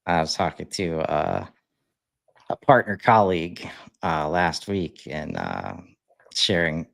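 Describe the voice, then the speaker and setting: Speaking slowly with vocal fry, a low-voiced man co-hosts a podcast and chats loosely, rambling along with lots of fillers and false starts. The recording is dry.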